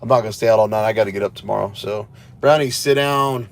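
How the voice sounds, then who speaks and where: A tired man records a vlog in his parked car, speaking in a fairly low, creaky voice at a quick pace. As a cop-watch vlogger, he rambles through casual commentary to his viewers, dropping sarcastic asides, with slight background noise audible.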